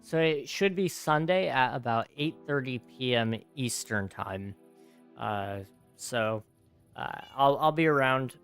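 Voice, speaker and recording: Young man, tired laid-back gaming streamer, rambling chat, mid pitch, soft music behind. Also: slow, clear, resonant tone. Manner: easygoing, rambling, reads chat aloud and answers it. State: tired, yawning. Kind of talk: casual livestream chat while gaming.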